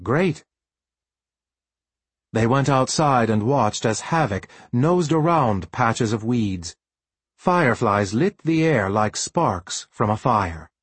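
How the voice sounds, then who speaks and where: A man reading a storybook aloud as an audiobook narrator with expressive storytelling. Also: mid-range voice, takes it slowly, husky, no echo. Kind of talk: scripted narration.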